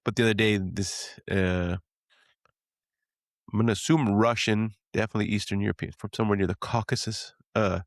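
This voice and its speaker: A man's voice: fairly low pitch, fairly even intonation, fairly quick, dry recording, clean studio sound. A man co-hosting a podcast, telling joking, profane stories in casual banter.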